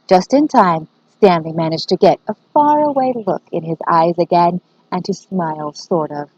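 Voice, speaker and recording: A woman teacher reading a children's book aloud, expressive and aimed at young listeners. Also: lowish voice, measured pace, dry recording, highs cut off.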